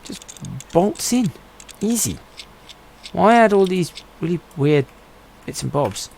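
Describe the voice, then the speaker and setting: A man's voice: high voice, big pitch swings, takes it slowly, gravelly, a little mellow, slight background noise, low-quality recording. A man streaming a game, giving casual commentary and musing aloud to himself as he plays. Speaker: gaming streamer.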